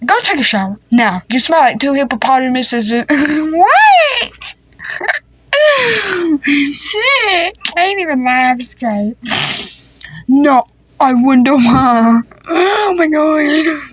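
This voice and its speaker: A woman's voice: sits high, slow pace, breathy edge, dry recording. A woman improvising a comedy family skit, talking in a playful, teasing, slangy way. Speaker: creator voicing a family skit.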